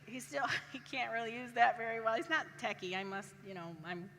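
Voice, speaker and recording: A woman's voice: on the high side, fairly quick, a bit bright. A woman speaking to an audience at a live event, telling a humorous personal story and laughing often as she goes. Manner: chatty, laughs often through her story. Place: large event hall. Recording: reverberant hall with faint background noise.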